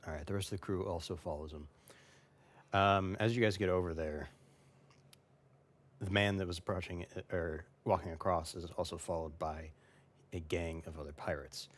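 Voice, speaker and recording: A man narrating as game master of a tabletop role-playing game, relaxed and halting, with many fillers. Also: low voice.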